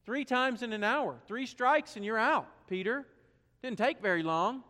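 A pastor with a South Carolina Southern accent preaches at a measured pace, moving between hushed, low passages and loud, emphatic rhetorical questions. A long reverb tail trails his voice.

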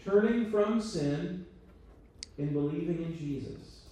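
A man's voice: on the high side, slow pace, dark tone, far from the mic. Man teaching in a very echoey room. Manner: conversational, checks in with the audience often; self-deprecating joking asides. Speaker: church teacher. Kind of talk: church training talk. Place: church meeting room.

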